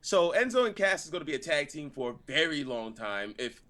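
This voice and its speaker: Brief: male co-host, high lively voice, joking rants on last night's wrestling. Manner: laughing, animated, drawn-out rants. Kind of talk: casual review chat.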